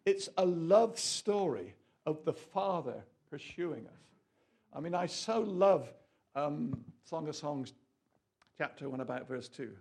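Male preacher, raspy gravelly voice, lots of asides and questions to the crowd. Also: a little high, slow. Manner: animated, rambling, with asides and rhetorical questions. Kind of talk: sermon.

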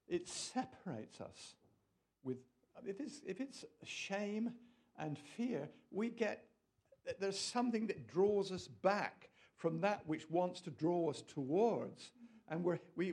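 A man preaching a lively, jokey sermon, with asides to his audience. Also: high-pitched. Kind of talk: lively sermon to a small group.

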